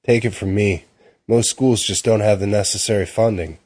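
A pushy, falsely friendly salesman, voiced by a man reading a story. The voice sits low with a slightly husky edge, and it is coaxing and relentless. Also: fairly even intonation, moderate pace, darkish tone. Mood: persuasive. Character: smooth pushy adult male salesman.

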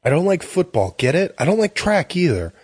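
A sullen teenage boy who bursts out in defiance, voiced by a man reading a story. The voice is pushed well above the reader's own, loud and strained. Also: a little high, sing-song, a little fast, breathy edge, no room sound, studio quality, pitched above the performer's own voice. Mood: defiant. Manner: mumbling then raised.

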